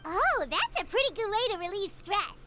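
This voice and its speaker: Tiny chatty game fairy girl, super high, bounces all over, music blasting under it. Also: big pitch swings, moderate pace. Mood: chirpy curious. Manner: talks of herself in third person.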